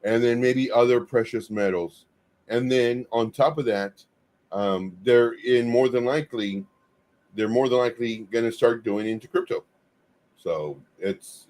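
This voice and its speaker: A man's voice: medium pitch, darkish tone. A man co-hosting a casual crypto talk show, easygoing and agreeable as he chimes in. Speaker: co-host.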